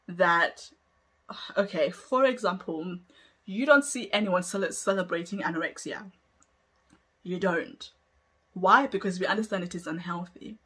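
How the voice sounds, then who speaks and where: A woman's voice: mid-range voice, fairly bright tone, slightly rough. A woman hosting a solo podcast, making an emphatic, argumentative case with many rhetorical questions and laughing between points. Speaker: podcast host.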